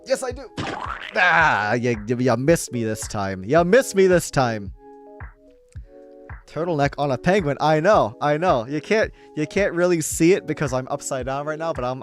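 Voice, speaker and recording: Chatty upbeat male streamer. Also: a little high. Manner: chatty and upbeat, laughs often, talks to viewers. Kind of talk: casual live-stream chat while playing.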